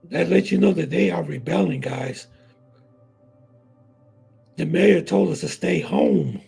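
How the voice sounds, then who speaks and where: A man's voice: fairly high pitch, slow, vocal fry, warm tone, husky, faint music behind, rough recording. A man hosting a casual livestream, talking straight to his viewers and chat, repeating himself for emphasis. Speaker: vlog host.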